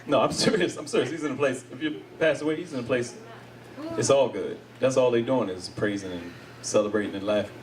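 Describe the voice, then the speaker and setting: A man doing live stand-up comedy, acting out quoted voices in an animated way. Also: mid-range voice, a little fast, noisy background. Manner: animated, acts out quoted voices, laughs along with the crowd. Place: comedy stage before a live audience. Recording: distant mic with loud audience laughter. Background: audience laughing.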